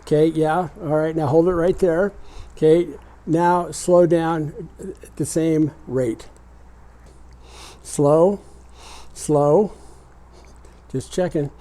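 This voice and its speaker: A man's voice: on the high side, fairly even intonation, slow, long pauses, dark tone, low-quality recording. Patient older man teaching motorcycle repair. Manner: patient, step-by-step instruction. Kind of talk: hands-on demonstration.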